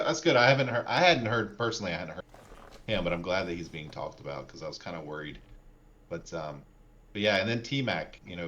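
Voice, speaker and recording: A man co-hosting a casual sports podcast, talking in a relaxed, rambling way with plenty of fillers. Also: low voice. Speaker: podcast co-host. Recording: dull lo-fi mic.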